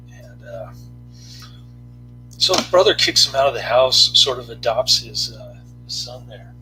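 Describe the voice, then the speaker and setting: Very bright-voiced man rambling casually. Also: medium pitch, poor audio. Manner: halting, many fillers and restarts. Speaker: movie reviewer.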